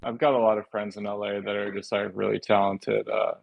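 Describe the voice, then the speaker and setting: A man chatting casually as a podcast guest, halting and laid-back, full of fillers and restarts. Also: lowish voice, flat delivery, gravelly, no echo, muffled recording. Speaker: podcast guest, shoe designer. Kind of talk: casual chat.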